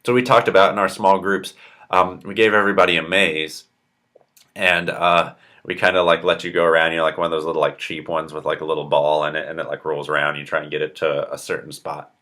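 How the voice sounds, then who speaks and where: A man's voice: extremely low pitch, level tone, brisk, bright, forceful tone. A young adult man retelling a Bible story to young listeners in a casual, chatty way, full of "like" and "right?" and acted-out quotes.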